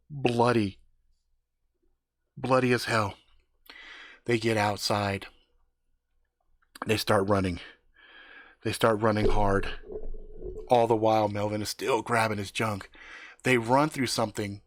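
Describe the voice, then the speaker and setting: A man's voice: mid-range voice, no echo, clean studio sound. A man improvising a profane story live on stream, dropping laughing asides. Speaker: livestream storyteller.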